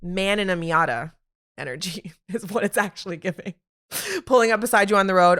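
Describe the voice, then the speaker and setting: A woman hosting a solo sports podcast, talking in an animated, opinionated way with quick asides. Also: mid-range voice. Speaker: podcast host.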